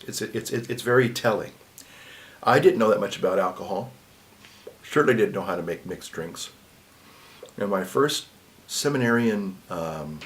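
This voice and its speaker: A man, a Catholic priest, telling a personal story in a casual vlog, swinging between loud emphasis and hushed asides. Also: on the low side.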